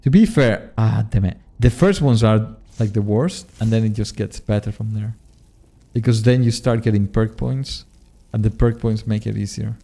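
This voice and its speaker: This streamer and modpack creator has a fairly low, gravelly, warm voice and talks at a normal speed. Casually chatting with viewers over live gameplay, he swears often and laughs at himself.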